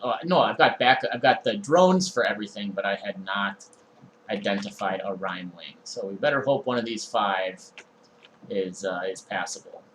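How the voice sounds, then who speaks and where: A young man streaming a game, talking through his inventory in a relaxed, meandering way with frequent ums and uhs. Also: fairly low pitch, moderate pace, slight background noise, low-quality recording. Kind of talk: casual let's-play commentary.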